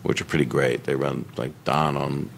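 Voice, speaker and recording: A man's voice: rumbling low, fairly even intonation, normal speed, gravelly, a little hiss or hum. A man appearing as a comedian guest on a podcast, rambling through anecdotes in casual chat and often breaking into laughter. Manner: rambling storyteller, breaks into laughter and mimics people he quotes.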